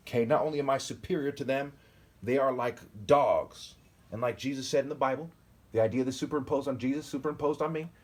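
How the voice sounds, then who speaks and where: A man's voice: medium pitch, breathy edge. A man in his forties recording a solo video monologue, reading scripture and commenting on it in a combative, ranting, insulting way, often breaking off with "okay?". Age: 40s. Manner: preachy, keeps asking "okay?". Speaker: self-styled preacher.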